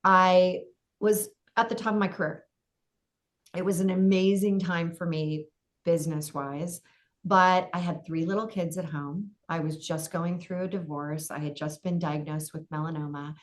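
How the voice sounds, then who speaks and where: A middle-aged woman with a fairly low voice tells her story as a podcast guest. She talks vividly, acting out her own thoughts along the way. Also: fairly even intonation, normal speed. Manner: vivid, dramatic storytelling with acted-out inner voices.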